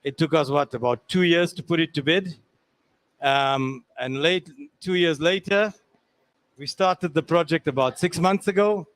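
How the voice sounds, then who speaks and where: A man's voice: a little high, unhurried, a bit bright, dry recording. A man, the mall's landlord, giving a welcoming speech at an outdoor event with frequent restarts and fillers. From South Africa.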